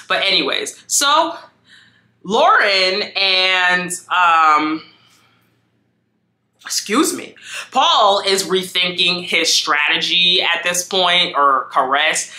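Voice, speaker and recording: A woman giving a chatty, animated recap of a reality show, often quoting people in exaggerated voices. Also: on the low side, roomy sound. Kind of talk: casual recap chat.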